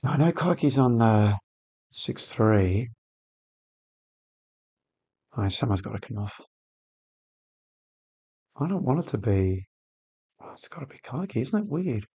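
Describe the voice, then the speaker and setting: Speaking at a medium pitch, slowly and with long pauses, this slightly rough-voiced man hosts a football management game video. His commentary is casual yet excitable, and he hollers at the players during the on-screen match.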